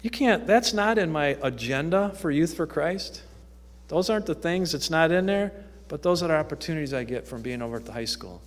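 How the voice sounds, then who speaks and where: Youth-ministry man at the pulpit, conversational and storytelling, slightly high voice, echoey sanctuary. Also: animated, a little fast. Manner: conversational storytelling with frequent ums. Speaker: youth ministry worker speaking at church. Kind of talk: informal testimony talk from the pulpit. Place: church sanctuary. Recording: echoey church hall.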